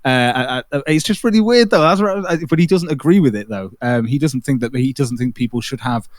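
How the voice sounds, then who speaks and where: Guy hosting a stream, retelling stuff fast and sweary, mid pitch, dry close sound. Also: no room sound. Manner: animated storytelling, swears freely, many restarts. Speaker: livestream host. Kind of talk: casual chat.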